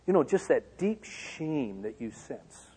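A man from Michigan giving a personal testimony to an auditorium, swinging from loud outbursts to hushed lines. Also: mid-range voice, sing-song, slow pace, breathy edge. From Michigan, USA. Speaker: speaker. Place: large auditorium. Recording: long hall reverb.

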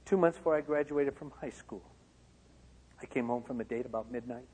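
Husky guy telling his life story on stage, big loud-to-hushed swings, long hall reverb. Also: medium pitch, fairly quick. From Michigan, USA. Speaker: speaker. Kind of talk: personal testimony speech. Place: large auditorium.

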